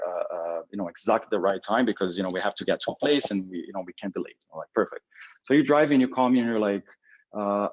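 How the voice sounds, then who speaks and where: Husky-voiced man with a halting, energetic delivery. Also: fairly low pitch, dull audio. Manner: energetic, acts out both sides of imagined phone calls; halting, with many restarts and fillers. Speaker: agency creative director. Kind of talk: motivational talk.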